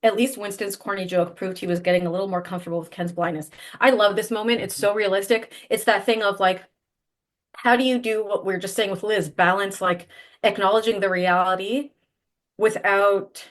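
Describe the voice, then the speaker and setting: A woman co-hosting a casual book podcast, chatty, full of "like", quick to laugh. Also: mid-range voice, fairly even intonation. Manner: chatty, lots of "like", laughs easily. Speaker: podcast co-host. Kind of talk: casual book-club chat.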